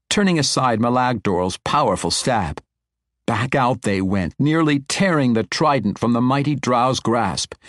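With a fairly low voice, a man reads a fantasy audiobook at an even, deliberate storytelling pace. The recording is studio quality, free of any room sound.

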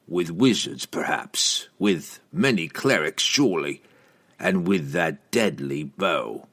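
A man voicing a grim, cunning male assassin in an audiobook, speaking in a low, measured way. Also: lively intonation, creaky, fairly bright tone, exaggerated voice.

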